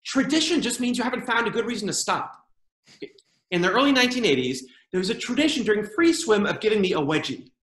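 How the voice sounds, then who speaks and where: Animated man telling jokes, roomy sound. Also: high-pitched, quick pace. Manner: animated joke-telling with funny put-on quoted voices. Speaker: stand-up comedian. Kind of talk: comedy routine. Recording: roomy echo.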